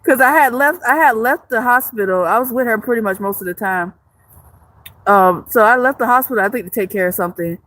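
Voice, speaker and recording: A woman's voice: on the high side, fairly quick, fairly bright tone. Joking, blunt woman livestreamer. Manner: blunt, joking, swears freely; rambling with frequent restarts. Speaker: live streamer. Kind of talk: casual livestream chat reading viewer comments.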